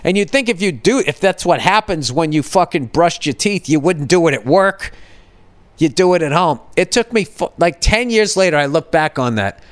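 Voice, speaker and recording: A man's voice: fairly high pitch, animated, normal speed, dry recording. A man, a podcast host telling profane, rambling stories and laughing at his own jokes. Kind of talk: casual rambling monologue.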